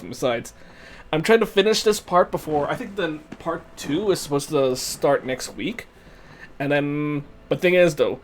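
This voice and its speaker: A young man hosting a game stream, chatting loosely with viewers and rambling between story lines. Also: on the high side. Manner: chatty, rambling, restarts, answers chat. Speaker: gaming channel host. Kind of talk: casual game stream commentary.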